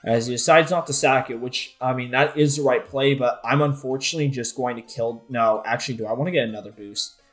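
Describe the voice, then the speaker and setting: A man commentating his own competitive video game match, excitable, with frequent swearing and frustrated outbursts. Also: mid-range voice, fairly quick, soft background music. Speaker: gaming YouTuber.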